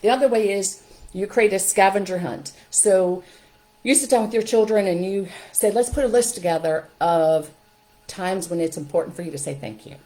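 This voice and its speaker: A middle-aged woman hosting a casual how-to talk, upbeat and practical, often checking in with a quick "okay?". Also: medium pitch, a little mellow, low-quality recording. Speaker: host.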